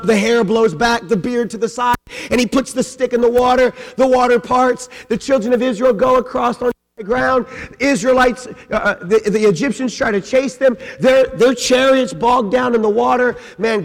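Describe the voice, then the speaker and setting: A male pastor preaching a lively sermon, retelling the story with acted-out voices and a habit of saying "man". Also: sits high, long reverb tail. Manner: storytelling, acting out voices, says "man" often. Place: church sanctuary.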